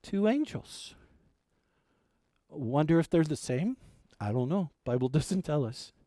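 A man preaching a sermon as pastor, animated, asking his listeners questions and dropping to a near hush for emphasis, with light humor. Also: fairly high pitch, unhurried, no room sound. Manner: light humor with an occasional chuckle.

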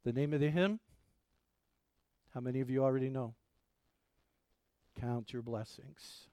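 A male pastor preaching a sermon in a conversational way, asking his congregation rhetorical questions and swinging between loud emphatic lines and quiet asides. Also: mid-range voice, fairly even intonation, measured pace, clean tone, no room sound, clean studio sound.

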